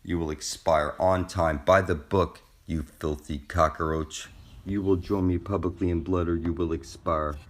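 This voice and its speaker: Very deep-voiced man taunting menacingly. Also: fairly even intonation, measured pace. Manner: taunting, profane, threatening. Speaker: channel host. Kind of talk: menacing monologue to camera.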